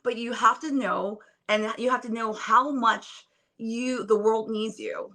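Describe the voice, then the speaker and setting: A woman's voice: fairly high pitch, fairly even intonation, unhurried, pushed and bright. A young woman on a phone video call, speaking as a podcast guest in an earnest, emphatic, preacher-like way. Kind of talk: motivational interview talk.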